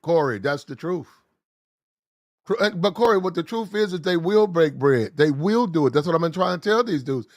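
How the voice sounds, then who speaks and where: Guy ranting hard on his show, cussing, gets loud and fast, kinda high voice, dry sound. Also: expressive, no echo. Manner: blunt, profane, repeats catchphrases for emphasis. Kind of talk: heated commentary rant.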